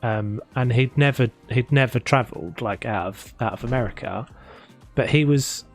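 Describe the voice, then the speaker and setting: A man's voice: mid-range voice, moderate pace. A man chatting casually while he plays a building game, rambling with many restarts. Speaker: gaming streamer. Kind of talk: casual chat while playing. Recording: faint music behind.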